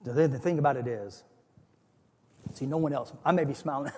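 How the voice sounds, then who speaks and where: A man preaching a sermon as pastor, with animated storytelling that acts out scenes. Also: mid-range voice, normal speed, long pauses, slightly rough. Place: church. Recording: long reverb of a church hall.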